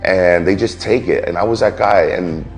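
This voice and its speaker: Low-voiced man telling his story. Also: soft background music. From New York. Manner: candid, reflective, halting. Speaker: military veteran. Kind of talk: personal testimony.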